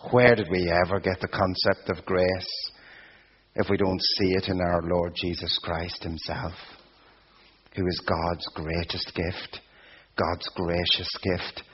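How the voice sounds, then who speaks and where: A man preaching a sermon at a deliberate, unhurried pace, his voice carrying a husky edge. He builds emphatic, repeated phrases as he goes. The recording sounds dull and lo-fi. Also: sits low, little pitch movement.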